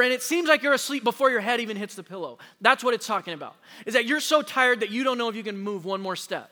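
Emphatic male pastor with a very high, forceful voice, preaching with long reverb in a church sanctuary. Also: expressive. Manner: emphatic, slows down to stress key words; addresses the congregation directly. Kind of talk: sermon.

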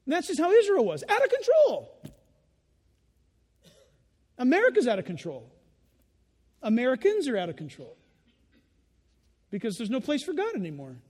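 A man preaching a sermon in an animated way, acting out the voices of children and laughing as he goes. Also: extremely high pitch, normal speed, long pauses, in a large hall. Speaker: pastor.

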